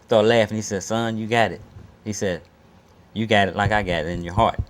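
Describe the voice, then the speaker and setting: Animated storytelling man. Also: lowish voice, a little fast. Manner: animated, acts out quotes, laughs while telling. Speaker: interviewee, former performer. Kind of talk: lively storytelling.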